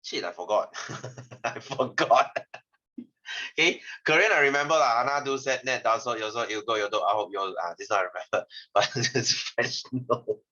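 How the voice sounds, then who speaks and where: A man's voice: mid-range voice, normal speed, bright, forceful tone. A young man with a Malaysian English accent, teaching a casual online science lesson and rambling off-topic with frequent laughter. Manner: chatty, rambling, laughs often. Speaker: science tutor. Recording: slightly dull lo-fi audio.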